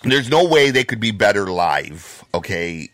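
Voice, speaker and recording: Low-voiced man ranting profanely. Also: big pitch swings, unhurried, no echo. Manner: heated, profane, bursts into loud shouting. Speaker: podcast co-host. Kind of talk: profane ranting podcast chat.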